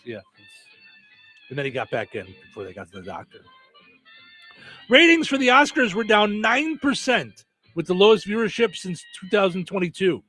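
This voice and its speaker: A male radio host with a high, very animated voice reads headlines and follows each with a wisecrack. Faint music runs under his talk. The delivery is playful and chatty. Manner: wisecracking, jokey punchlines after headlines. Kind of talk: comedic news-headline banter.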